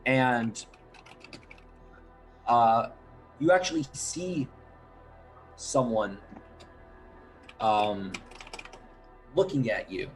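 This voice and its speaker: A man narrating a tabletop game as game master in an unhurried, halting way, with many fillers. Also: mid-range voice, soft background music, low-quality recording.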